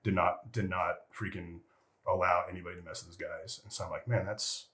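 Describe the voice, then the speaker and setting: A middle-aged man with a very low, deep voice, talking as a guest on an interview podcast. He rambles through old service stories with plenty of "you know" and "freaking" along the way, and the odd curse slips in. The delivery is loose and conversational. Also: little pitch movement, brisk, a bit bright. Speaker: interview guest, retired military veteran. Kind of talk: casual storytelling interview.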